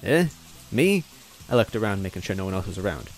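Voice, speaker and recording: A man's voice: sits low, steady tone, rapid-fire, a little mellow, faint music behind. A man narrating a story in first person, breaking in with wry comic asides. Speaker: reader, narrator.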